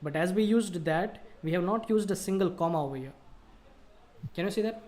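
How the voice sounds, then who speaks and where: A man with a somewhat high voice leads a live online grammar lesson. He explains each rule patiently, step by step, with examples. A faint background hiss runs under the recording. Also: brisk, a little mellow. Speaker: IELTS tutor.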